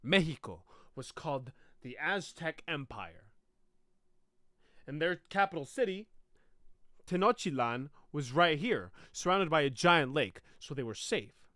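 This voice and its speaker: Animated, profane man rehearsing a monologue. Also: on the high side, unhurried, no echo, clean studio sound. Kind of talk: rehearsing a comic solo show.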